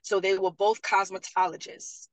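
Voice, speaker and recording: Speaking at medium pitch and normal speed, a woman who graduated from the program and now works as a parent liaison shares stories in a relaxed panel discussion. She's an animated storyteller who acts out quotes, captured in a rough recording without room sound.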